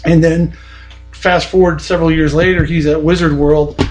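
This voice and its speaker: A man's voice: fairly high pitch, level tone, normal speed, faint music behind, poor audio. A man on a podcast telling a long, indignant story in a blunt, profane, casual way. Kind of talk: casual ranting anecdote.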